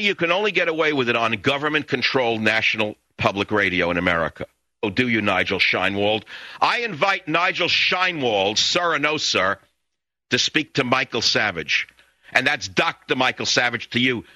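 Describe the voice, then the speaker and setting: A man's voice: mid-range voice, pushed and bright, dry recording. A man in his sixties, a radio talk show host, delivering an indignant, taunting monologue full of repeated insults into a studio microphone.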